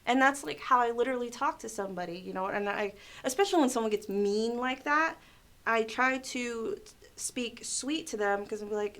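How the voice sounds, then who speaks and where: A young adult woman hosting a casual livestream, telling stories in an animated way, laughing often and saying "like" a lot. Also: a little high, moderate pace. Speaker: livestream host. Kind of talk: casual storytelling chat.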